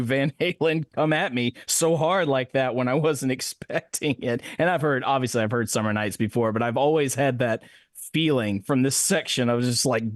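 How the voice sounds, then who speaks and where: A man's voice: medium pitch, moderate pace, dry recording, clean studio sound. A man co-hosting a casual music podcast, talking emphatically and animatedly and repeating phrases for effect. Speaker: podcast co-host. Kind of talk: casual chat about music.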